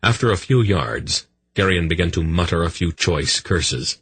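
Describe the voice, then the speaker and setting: A man narrating an audiobook in a steady, measured way. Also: sits low, husky. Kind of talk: scripted narration.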